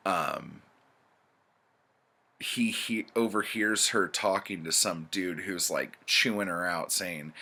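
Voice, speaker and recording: Speaking slowly in a low, bright, forceful voice, this book reviewer rambles through pulp story recaps. He's casual and profane, filling his talk with fillers.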